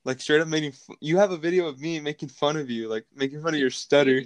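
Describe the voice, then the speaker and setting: A young man with a somewhat high voice joins a casual chat as a guest, laughing and teasing while he recalls old stories. The recording is dry and close, with no room echo. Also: quick pace.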